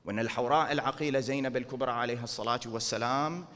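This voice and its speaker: A man's voice: mid-range voice, fairly even intonation, fast, a bit bright. A man gives an earnest sermon in a middle register and keeps turning questions back on his listeners. His voice rings out with a long reverb, as if it were recorded in a large hall. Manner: earnest, rhetorical questions to the audience. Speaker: preacher.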